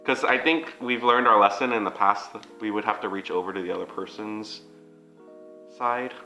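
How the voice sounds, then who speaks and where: A man's voice: on the low side, moderate pace, pushed and bright, reverberant, muffled recording, faint music behind. A man co-hosting a mukbang, chatting casually and walking viewers through the food. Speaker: mukbang co-host. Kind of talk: casual chat.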